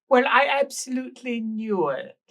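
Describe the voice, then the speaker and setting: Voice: mid-range voice, very animated, moderate pace, fairly bright tone, pitched above the performer's own voice. The game master voicing a scatterbrained, theatrical noblewoman who exclaims and repeats herself. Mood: gushing. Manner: sing-song, exclamatory, repeating words.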